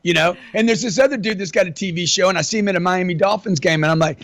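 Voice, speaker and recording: Brash middle-aged man, streetwise and profane, slightly high voice, dry close-miked sound. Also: racing, hardly any pauses, no echo. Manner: brash, slangy, profane, keeps saying man and dude. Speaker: interview guest. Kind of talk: casual interview talk.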